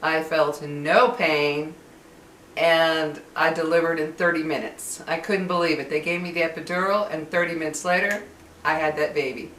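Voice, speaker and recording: A woman's voice: low voice, steady tone, normal speed, a bit bright, recorded from a distance, a little hiss or hum. Chatty middle-aged woman in echoey room. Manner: candid, chatty, emotional, laughs often. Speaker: vlogger. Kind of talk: personal vlog chat.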